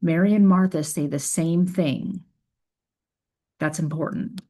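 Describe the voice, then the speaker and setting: A woman's voice: deep voice, a little slow, mellow. A woman reading a scripture passage aloud and then reflecting on it in an earnest, conversational way as a faith video creator.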